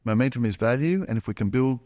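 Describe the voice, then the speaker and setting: A man's voice: mid-range voice, fast, dark tone, dry recording, clean studio sound. A middle-aged man co-hosting a business podcast, making emphatic, punchy points in casual chat. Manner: emphatic, punchy short statements. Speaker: podcast co-host.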